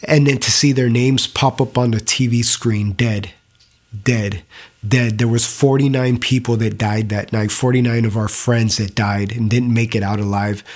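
A man's voice: mid-range voice, steady tone, moderate pace, hardly any pauses, darkish tone. A young adult man giving an earnest, emotional personal testimony, speaking with frequent restarts.

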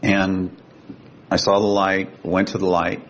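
A man with a gravelly voice, a guest telling a personal story in an earnest, vivid way. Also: little pitch movement, takes it slowly, a bit bright. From Sacramento, California. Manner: earnest, vivid, emotional retelling. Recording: dull lo-fi with faint rumble.

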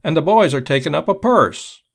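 A man's voice: fairly high pitch, expressive, moderate pace, gravelly, husky, pitched above the performer's own voice, exaggerated voice. A man voicing a haggard, fawning opium-den keeper who talks hesitantly and wheedles. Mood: wheedling.

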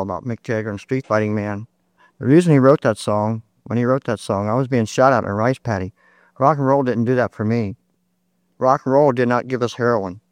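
A man's voice: mid-range voice, no echo. Man, 30s, audience member, heated and insistent, dry close sound. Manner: impassioned, argumentative, repeats points. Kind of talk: heated public debate comment.

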